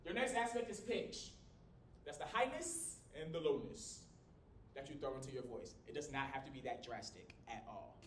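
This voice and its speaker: A man teaching a college class in a small room without a microphone. He talks in a lively, joking way and swings his volume and pitch up and down to demonstrate. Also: normal speed. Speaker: college instructor. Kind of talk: classroom lecture. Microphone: no microphone, recorded from across the room. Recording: echoey room from a distance with low rumble.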